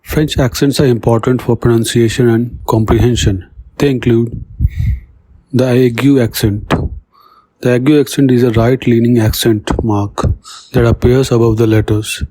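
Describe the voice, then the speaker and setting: A male language teacher speaks slowly in a flat, even tone. His voice is dark and a little husky, recorded dry and close with no room sound. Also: mid-range voice, no room sound. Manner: monotone, reads example words then their meanings. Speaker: French teacher. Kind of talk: slow scripted lesson narration.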